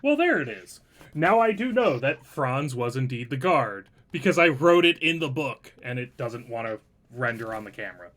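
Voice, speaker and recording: A man's voice: medium pitch, lively intonation, moderate pace, hardly any pauses, fairly bright tone. A man running a tabletop game as game master, joking and rambling about his notes. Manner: joking, self-deprecating, rambling. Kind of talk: casual tabletop game chat.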